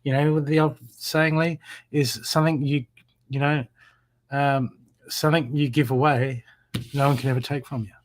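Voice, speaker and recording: A man doing live-stream card readings, talking warmly and repetitively to viewers by name. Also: mid-range voice, little pitch movement, normal speed. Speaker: psychic reader.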